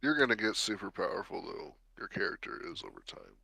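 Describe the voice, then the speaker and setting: A man with a low, gravelly voice, joking around as a player in a tabletop game. He laughs easily, and the sound is dry and close to the mic. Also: huge pitch swings, a little fast, bright, forceful tone, no room sound. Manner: jokey, laughs often. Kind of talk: casual tabletop game chat.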